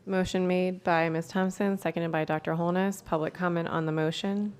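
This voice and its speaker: A woman's voice: on the low side, little pitch movement, moderate pace, darkish tone, clear, resonant tone. A woman chairing a school board meeting, calling for order and announcing motions in a firm, procedural way.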